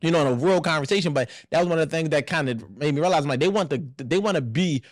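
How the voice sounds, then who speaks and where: A man in his thirties hosting a casual podcast discussion, animated and blunt, acting out family voices and swearing freely. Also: fairly high pitch, racing, dry recording, studio quality. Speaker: podcast host.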